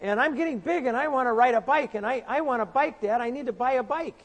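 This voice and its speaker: A preacher voicing an excited six-year-old boy who begs his dad for a bike, his voice raised high and eager. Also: quick pace, in a large hall.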